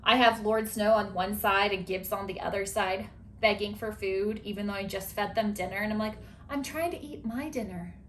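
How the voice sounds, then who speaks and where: A woman hosting a podcast in casual chat, chatty and animated with lots of filler words. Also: medium pitch, normal speed, slight background noise. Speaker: podcast host.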